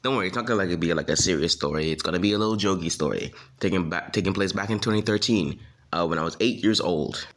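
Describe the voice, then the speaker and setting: Late-teen guy with a low voice, casual, chuckling storyteller. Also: fast, a bit bright. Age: late teens. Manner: laughs through his lines, loose and self-mocking. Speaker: vlogger. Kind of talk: jokey storytime monologue.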